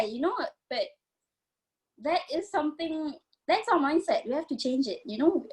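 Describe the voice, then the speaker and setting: This is a young woman from Malaysia, speaking with a somewhat high voice. She is a panelist in an online forum, talking earnestly and conversationally with lots of fillers. She is heard over a video call. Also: expressive, moderate pace, mellow.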